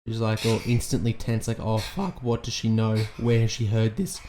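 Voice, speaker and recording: A man giving casual, excitable reaction commentary on a TV episode, swearing often as he talks. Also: lowish voice, normal speed, slight background noise.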